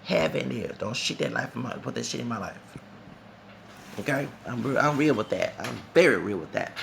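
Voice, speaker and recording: A man's voice: on the low side, gravelly, a little hiss or hum. A man reviewing a concert in a vlog, talking in a heated, rambling and profane way. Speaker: vlogger.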